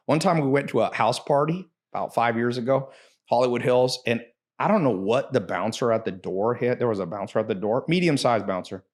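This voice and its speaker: A man talking casually on a podcast, brash and profane, with a middle-pitched voice. He tells stories in quick runs and punches words hard for emphasis.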